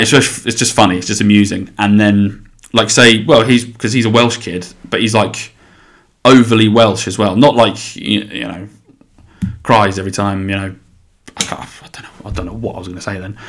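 Rambling young Englishman with a low voice. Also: a bit bright. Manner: chatty, blunt, swears, frequent restarts and fillers. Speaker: solo podcast host. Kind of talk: casual rambling monologue.

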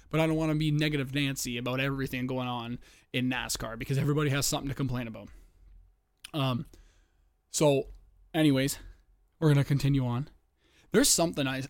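A young man rambles through his solo podcast in a small room, swearing freely and breaking off to react to a game on TV. He sounds a little out of breath, and his voice sits at an ordinary middle pitch. The recording is dry and close, with almost no room sound. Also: dry recording. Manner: rambling, profane, excitable, distracted by a game on TV. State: out of breath and sweating. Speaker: podcast host. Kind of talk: casual solo podcast chat.

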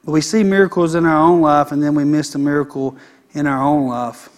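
A man delivers a sermon from the pulpit, his voice sitting notably high for a man. He is emphatic, stacking phrase on repeated phrase to press each point home. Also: fairly even intonation, a little fast. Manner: emphatic preacher, repeating phrases in building runs. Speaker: pastor.

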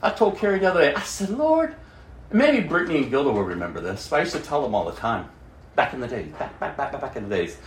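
A male pastor preaching a sermon in an animated way, laughing and acting out quotes in shifting voices. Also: mid-range voice, fast talker, echoey room, a little hiss or hum.

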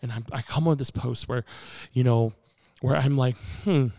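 A man's voice: medium pitch, steady tone, moderate pace, creaky, mellow. A man guest on a podcast, telling a personal story in an earnest, rambling way with lots of fillers. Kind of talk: casual storytelling conversation.

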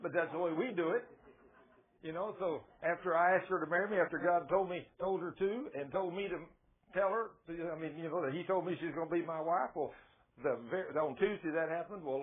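A preacher in his middle years, telling homespun stories from the pulpit and pressing hard on his points. His voice sits high for a man. It comes through a thin, phone-like radio broadcast. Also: husky. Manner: folksy storytelling, rising to fervent exhortation. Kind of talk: sermon.

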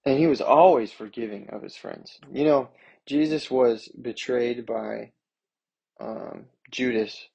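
A man's voice: mid-range voice, creaky, darkish tone, husky, low-quality recording. A man preaching a sermon, reading scripture aloud and then explaining it in an earnest, plain way. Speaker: pastor.

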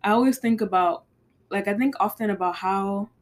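A woman's voice: mid-range voice, moderate pace. A woman co-hosting a faith podcast in casual chat, telling stories animatedly with many "like"s. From abroad, moved to the US. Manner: animated storyteller, frequent "like". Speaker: podcast co-host.

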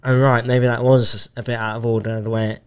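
A man's voice: medium pitch, fairly quick, smooth. A man, a comedian guest telling stories in casual podcast chat, acting out the people he quotes. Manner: animated storytelling, acting out quoted voices.

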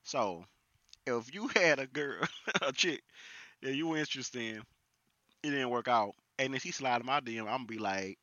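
A young man with a very bright, lively voice tells stories emphatically in slangy podcast chat from home. The sound is dry and a little dull. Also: mid-range voice, moderate pace, no room sound.

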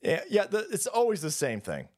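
A man rants through a profane political commentary stream, his pitch rising and falling with lots of movement. He keeps up a heated, foul-mouthed delivery. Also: wildly swooping pitch, normal speed, a little mellow. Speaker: livestream host.

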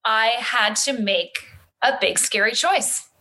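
A woman with a bright, slightly high voice tells her story in an easy, casual chat. She is animated and lively, slipping into other people's voices as she goes. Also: slow pace, rough recording. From Canada. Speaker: guest, community founder. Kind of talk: casual conversation.

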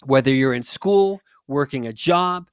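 A man's voice: mid-range voice, animated, a little slow, clean tone, dry recording, clean studio sound. A young man hosting a faith podcast, talking in an earnest, encouraging, preachy way, with frequent restarts. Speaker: podcast host. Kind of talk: casual faith podcast talk.

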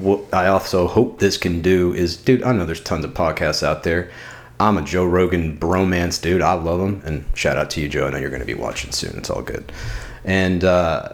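A man co-hosting a podcast, chatting casually and swearing, with animated bursts. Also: low voice. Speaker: podcast co-host. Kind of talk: casual chat.

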